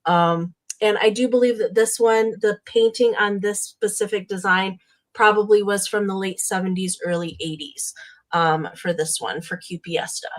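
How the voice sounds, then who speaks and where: A woman hosting a live vintage sale, describing each piece in an unhurried way with many uhs and ums. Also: medium pitch, steady tone. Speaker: live sale host and seller. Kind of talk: casual live sale pitch.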